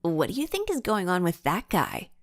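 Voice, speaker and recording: A woman's voice: fairly low pitch, huge pitch swings, normal speed, dry recording, clean studio sound. A woman voicing Ava, a confident and playful young girl detective in a kids' audiobook. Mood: hushed. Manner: playful, mock-formal. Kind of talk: audiobook character voice.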